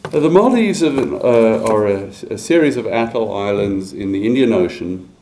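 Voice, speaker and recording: A man giving an academic lecture, measured, with frequent fillers and repeated restarts. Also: fairly low pitch, animated, mellow, slight background noise, rough recording. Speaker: university lecturer.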